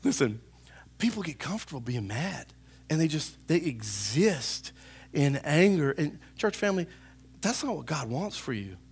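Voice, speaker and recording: Man pastor, emphatic sermon, call-and-response, gravelly voice. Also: a little high, big pitch swings, normal speed. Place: church service.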